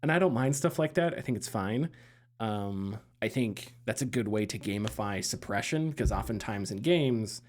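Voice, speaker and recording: A man's voice: fairly low pitch, lively intonation, normal speed. Chatty man on a gaming podcast. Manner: loose and chatty, many fillers, laughs easily, sarcastic asides. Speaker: podcast co-host. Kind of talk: casual gaming news chat.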